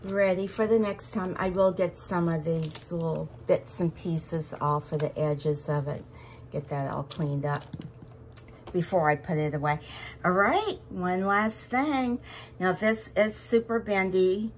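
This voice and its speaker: A woman chatting to her viewers as she works on a craft project, excitable and talkative. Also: deep voice, slight background noise. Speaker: resin craft vlogger. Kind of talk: casual crafting vlog chat.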